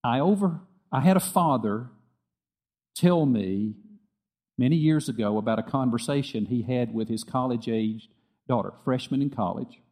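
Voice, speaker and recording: Mellow-voiced male pastor preaching. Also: medium pitch, moderate pace. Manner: earnest, repeats phrases, drops soft for quoted dialogue. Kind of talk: sermon.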